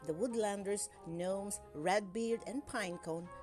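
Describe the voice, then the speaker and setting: A woman reading a children's storybook aloud in a slow, expressive narration, with faint music behind. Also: medium pitch. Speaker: storybook reader.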